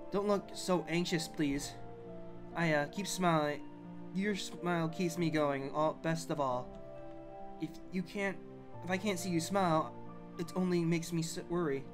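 A man voicing a gentle, sickly mother in a game playthrough, speaking softly and tenderly. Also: a little high, unhurried, over music, natural voice. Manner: soft, tender. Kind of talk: let's play voice reading.

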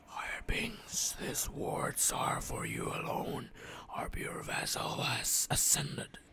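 A woman voicing an ominous ancient inscription in a dramatic reading of game text, in a deep gravelly whisper. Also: slow, bright, forceful tone. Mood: solemn, ominous.

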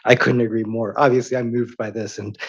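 A man's voice: mid-range voice, level tone, fairly quick, vocal fry, slightly rough, muffled recording. A man hosting an academic awards presentation, speaking with frequent ums and restarts. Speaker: event host announcing awards.

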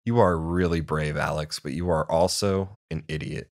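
A two-faced teenage girl from an animated storybook tale, scornful and mocking, read out by a man in his deep, even narrating voice. The sound is dry and close. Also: moderate pace, dry recording.

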